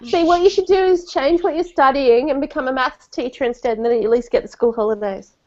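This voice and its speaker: A woman's voice: high voice, a little fast, darkish tone, highs cut off. A woman chatting casually with friends as co-host of a book chat, laughing often. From Australia. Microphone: video call.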